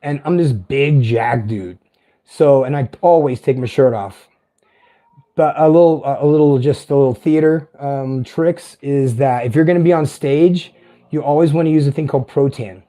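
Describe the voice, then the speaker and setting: A man in his fifties with a light tenor voice that is not deep, talking in a meandering, chatty vlog monologue that is peppered with profanity and self-corrections. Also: normal speed, dark tone. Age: 50s. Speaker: vlogger. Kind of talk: casual rambling monologue.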